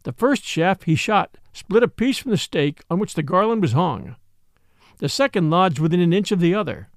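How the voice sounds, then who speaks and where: A man narrating a classic adventure story in an expressive, dramatic reading. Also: sits high, normal speed, no echo, clean studio sound. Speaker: audiobook narrator.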